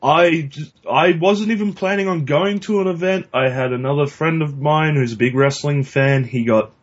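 An Australian man co-hosting a podcast speaks at a fairly high pitch and normal speed in casual chat. He's blunt and profane, rambling and restarting his sentences, on a dull lo-fi recording.

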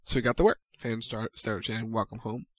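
A man co-hosting a casual chat, recapping events in brisk storytelling and playing out quotes. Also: fairly low pitch, fairly even intonation, no room sound. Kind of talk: casual recap of a wrestling show.

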